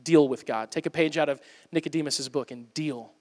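A man preaching a sermon in a church, impassioned and swinging between loud appeals and hushed asides. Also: fairly high pitch, brisk. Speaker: pastor. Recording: long hall reverb.

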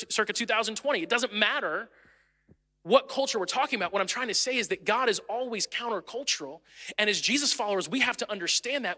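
A male pastor preaching a sermon in a church, building to loud, emphatic peaks. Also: high-pitched. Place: church sanctuary. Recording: church hall reverb.

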